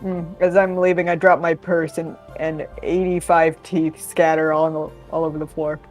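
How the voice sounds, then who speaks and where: Deadpan tabletop player. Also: medium pitch, moderate pace, over music. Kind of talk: playing a tabletop game.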